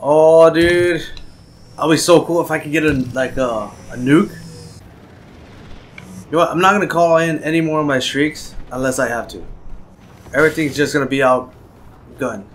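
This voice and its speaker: A young man giving excited gameplay commentary as a video host, chattering nervously and shouting when he wins. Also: on the high side, moderate pace, long pauses, a little hiss or hum.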